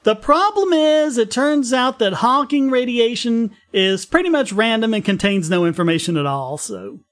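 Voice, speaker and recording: High-voiced man explaining science casually. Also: lively intonation, normal speed, a bit bright. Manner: explains at length, laughs easily. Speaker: podcast co-host presenting a science story. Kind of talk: casual science podcast chat.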